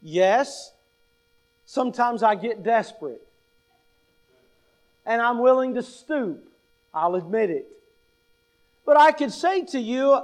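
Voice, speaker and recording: Pastor, male, high voice, slow emphatic delivery, fond of rhetorical questions. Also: big pitch swings. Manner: deliberate, stresses key words. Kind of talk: sermon.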